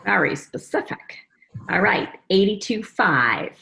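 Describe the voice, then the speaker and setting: An upbeat woman hosts a panel show over a video call. She introduces guests and runs segments in a chatty, friendly manner. Her voice sits at a middling pitch for a woman. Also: lively intonation, measured pace, vocal fry, sharp tone. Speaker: host and executive producer. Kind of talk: hosting a panel talk show.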